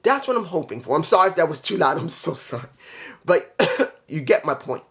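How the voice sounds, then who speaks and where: A man's voice: a little high, big pitch swings, fairly quick, fairly bright tone. Male reviewer, casual rant, blunt and profane, loses his train of thought with ums. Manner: rambling, profane, blunt opinions; trails off with fillers when forgetting. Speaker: wrestling show reviewer.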